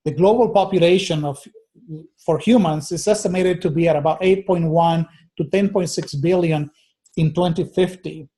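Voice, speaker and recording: A man's voice: a little high, moderate pace, dark tone. A man teaching a recorded lecture, earnest and thinking aloud, with many fillers and restarts. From United States.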